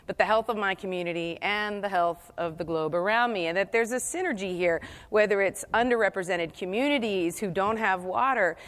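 A woman's voice: medium pitch, a bit bright. Passionate conversational woman moderator. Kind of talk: panel discussion.

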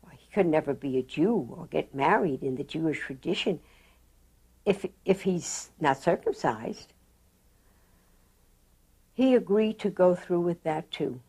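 An elderly woman tells her life story at an unhurried, reflective pace. Her voice sits a little low, and she acts out the people she quotes. It sounds like an oral history interview. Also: breathy edge. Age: older. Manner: slow, reflective, animated in quotes.

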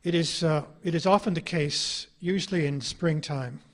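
A man's voice: on the high side, normal speed. A middle-aged man, an author giving an anecdotal public lecture, telling his stories with a wry, ironic edge.

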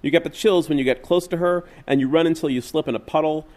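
A man reading literary fiction aloud in a measured, wistful way. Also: on the high side, a little mellow. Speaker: reader.

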